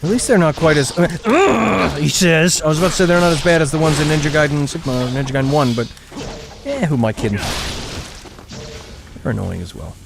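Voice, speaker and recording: A man's voice: a little high, fast talker, creaky, long pauses, music in the background. A man streaming a game, rambling and ranting with frequent laughter and restarts. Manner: rambling, ranting, self-interrupting; laughs often, exaggerated complaints. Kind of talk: live gameplay commentary.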